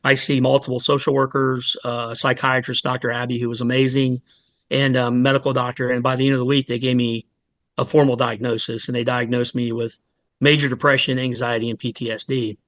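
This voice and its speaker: A man in his forties, a fire lieutenant, telling an emotional personal story in an earnest, halting way, with many restarts and pauses. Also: mid-range voice, little pitch movement, fairly bright tone, no echo. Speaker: fire department lieutenant, guest.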